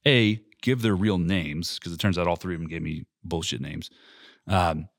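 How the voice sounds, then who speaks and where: Give me a lowish-voiced man telling an animated story on a podcast. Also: normal speed, no room sound, studio quality. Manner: animated storyteller, heavy swearing, acts out quotes. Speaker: airsoft park owner and podcast host.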